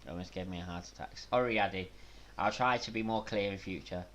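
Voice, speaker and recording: A man from Manchester with a Mancunian accent, hosting a live watch-along stream, reacting with loud gasps and chatting casually with viewers. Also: low-pitched, a little fast. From Manchester, England. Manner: excitable, bursts into loud gasps during big moves, casual with chat.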